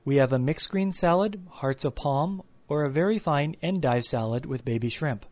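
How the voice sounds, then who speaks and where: A man's voice: on the high side, moderate pace, darkish tone, lightly acted. A man doing a relentlessly polite young waiter. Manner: unflappably polite, rattling off options.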